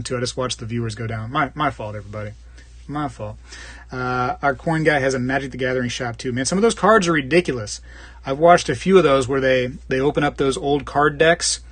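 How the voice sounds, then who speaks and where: A Florida man hosts a live stream, rambling and joking casually as he reads viewer comments and puts on squeaky voices for bits. His voice is a bit bright and husky, and the recording is dry.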